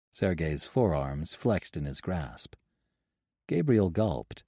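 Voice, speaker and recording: A man narrating an audiobook in an even storytelling delivery. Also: low-pitched, slow pace, husky, dry recording, clean studio sound. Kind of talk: scripted narration.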